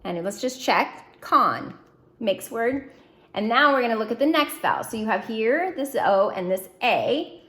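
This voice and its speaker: A woman teaching a phonics lesson, drilling syllables slowly and clearly with encouraging prompts. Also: a little high, very animated, a bit bright. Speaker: reading teacher. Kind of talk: phonics lesson to young students.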